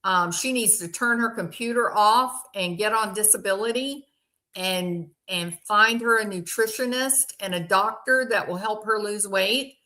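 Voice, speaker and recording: A woman's voice: medium pitch, a little slow, sharp tone. A woman hosting casual true crime commentary, bluntly and indignantly answering viewers by name. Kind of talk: casual commentary reacting to chat.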